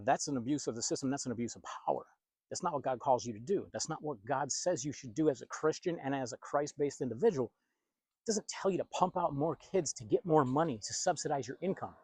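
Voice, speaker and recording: A man's voice: medium pitch, animated, fast talker, a little mellow, breathy edge, dry recording. A man who works as a pastor and video host, from the United States, preaching in a blunt, emphatic and confrontational monologue.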